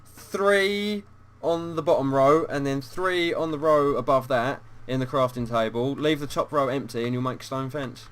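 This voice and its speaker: A man's voice: mid-range voice, moderate pace, smooth. A man with a British accent hosting a casual gaming chat, joking and laughing often. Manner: chatty, laughs often, jokey. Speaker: host.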